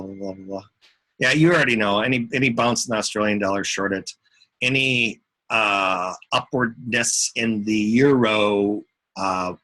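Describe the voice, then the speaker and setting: Man, bright forceful voice, casual rambling chart talk, chatty. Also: on the low side. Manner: rambling, chatty, talks to himself and viewers. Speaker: market commentator.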